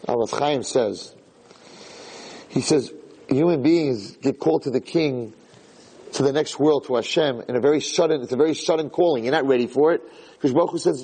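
Husky-voiced man giving a casual Torah lecture. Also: mid-range voice, moderate pace, dark tone. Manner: casual, repeats words, acts out voices. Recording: long reverberant hall.

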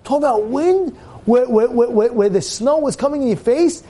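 A man telling a story in a lively sermon, often repeating words as he goes. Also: extremely high pitch, normal speed. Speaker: rabbi teaching a Torah class.

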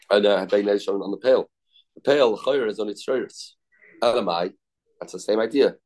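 A man's voice: lowish voice, a little mellow. A man giving a casual Talmud class, repeating terms and restarting sentences often. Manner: informal, restarts often, repeats terms, mixes Hebrew and Yiddish words. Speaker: Talmud teacher.

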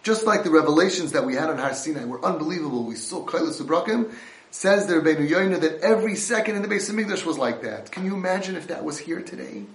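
A man's voice: a little high, lively intonation, fast talker, roomy sound. A man giving an impassioned Torah lecture, mixing in Hebrew and Yiddish terms.

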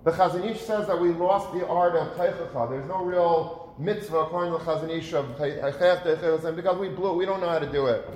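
A man's voice: a little high, fast talker, few pauses, darkish tone, a little hiss or hum. A man giving an earnest sermon, asking rhetorical questions and repeating words for emphasis. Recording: roomy echo.

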